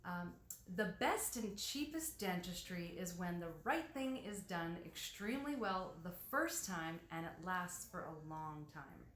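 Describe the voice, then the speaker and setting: A woman's voice: lowish voice, expressive, unhurried, fairly bright tone, a little hiss or hum. A woman hosting an interview, upbeat and friendly, asking questions and introducing topics. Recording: echoey room with faint music.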